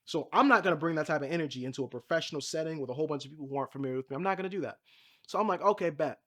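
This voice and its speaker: A young man telling a long story casually and with slang, pitching up for his own quoted reactions. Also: racing. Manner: animated, slangy, voices his own reactions with big rises. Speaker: independent MMA media reporter.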